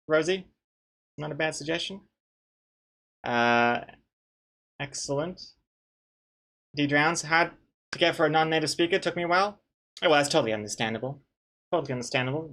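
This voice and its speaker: A man's voice: medium pitch, fairly bright tone. A man, a webcomic artist, chatting casually on a live stream, reading chat aloud with dry, joking banter and rambling restarts.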